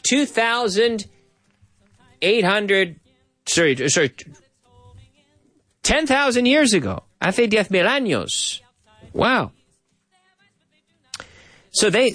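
A man's voice: high voice, a bit bright, dry recording. A man hosting a radio show in a studio, chatting and explaining clips, slipping in Spanish translations. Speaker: radio host. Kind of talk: bilingual radio show chat.

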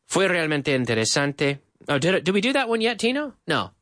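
A man's voice: fairly high pitch, very animated, a little fast, fairly bright tone, no room sound, clean studio sound. A man teaching English in a live-streamed lesson, repeating phrases to drill them and switching between English and Spanish.

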